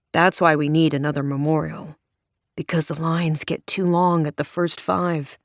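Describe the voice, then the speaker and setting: Female audiobook narrator, wry sardonic delivery, lower voice, dry studio sound. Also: no echo. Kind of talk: first-person audiobook narration.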